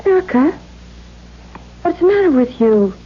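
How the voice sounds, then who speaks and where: An actress playing a fragile, childlike younger sister, anxious and breathless, in a 1970s radio drama. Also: female voice, high voice, big pitch swings, unhurried. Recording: dull 1970s radio broadcast.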